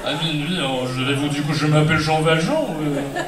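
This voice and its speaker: A man's voice: fairly high pitch, fast talker, very noisy, natural voice. A man voicing a pompous, flirtatious French man who hesitates with "euh". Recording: echoey theater, far mic, loud laughing crowd.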